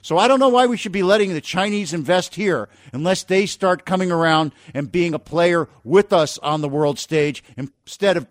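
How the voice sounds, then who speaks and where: Male talk radio host with a slightly high voice and a dry studio sound. Punchy and opinionated. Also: no echo. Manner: brisk and opinionated, with rhetorical questions. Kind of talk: business talk radio with editorials.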